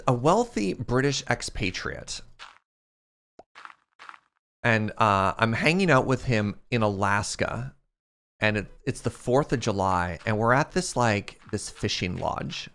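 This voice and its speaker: A man in his thirties streaming a game and chatting casually with his viewers. He tells stories in a very animated way, his pitch swinging widely, and he breaks into laughter often. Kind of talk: casual storytelling while gaming.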